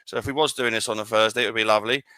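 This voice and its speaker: A man co-hosting a casual sports podcast chat, talking quickly and often restarting his sentences. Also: fairly low pitch, steady tone, pushed and bright, no room sound. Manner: rapid, stumbling restarts. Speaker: podcast co-host.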